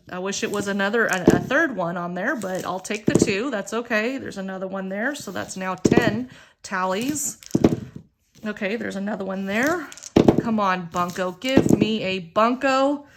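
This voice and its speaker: Slow-talking middle-aged woman, chatty host. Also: mid-range voice, heavy background noise. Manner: chatty and expressive, counting aloud with frequent exclamations. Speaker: budgeting channel host. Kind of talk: casual chat while playing a savings game.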